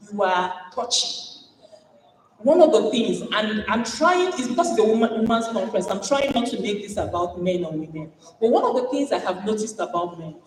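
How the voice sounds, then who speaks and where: A Nigerian woman delivers a lively motivational keynote, switching into acted-out voices and Pidgin asides. She sounds distant from the mic. Her voice rings through a large hall with a long, echoing tail. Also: medium pitch, a little hiss or hum. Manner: animated, acts out dialogues with Pidgin asides. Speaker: conference speaker. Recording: echoey hall from far off.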